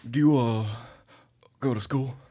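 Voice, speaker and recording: A man voicing a male rock star, drawling and halting as he speaks. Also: medium pitch, steady tone, dark tone, natural voice. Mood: teasing.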